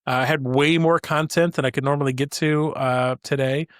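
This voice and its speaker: A man's voice: on the high side, fairly even intonation, moderate pace, no room sound, clean studio sound. A man hosting his own podcast alone, chatting casually and rambling with many fillers and restarts. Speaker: podcast host. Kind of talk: solo podcast chat.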